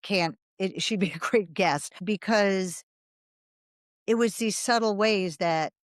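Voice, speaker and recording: A woman's voice: medium pitch, takes it slowly, no echo. A woman in her fifties, a writer, spinning a meandering story as an interview guest. Her voice sits in a middle register and jumps up when she acts out what people said. The recording is close and dry, with no room sound. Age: 50s. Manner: animated, rambling anecdotes with quoted dialogue and laughter.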